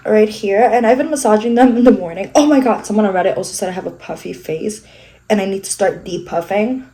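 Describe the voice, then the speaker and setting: A woman's voice: medium pitch, dark tone, a little hiss or hum, poor audio. A young woman chatting casually as she does her makeup at home, candid and self-mocking, swearing freely and sounding a little stuffy from a coming cold. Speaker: beauty vlogger. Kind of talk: casual get-ready-with-me chat. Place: her living room.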